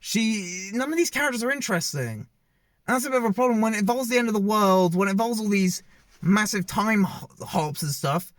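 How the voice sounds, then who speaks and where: Male film reviewer, slightly high voice, loose and hesitant delivery, dead-dry recording. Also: expressive, brisk, no echo. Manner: rambling, hesitant, many fillers and restarts. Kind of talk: casual spoken movie review.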